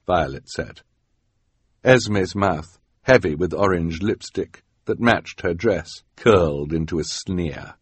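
A man narrating a storybook in a wry, expressive way. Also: sits low, slow pace, breathy edge, no echo. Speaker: audiobook narrator.

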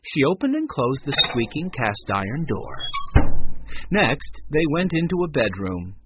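A man narrating a children's book aloud with expressive storytelling. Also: mid-range voice, moderate pace, dull audio, noisy background. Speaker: audiobook narrator. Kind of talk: children's audiobook reading.

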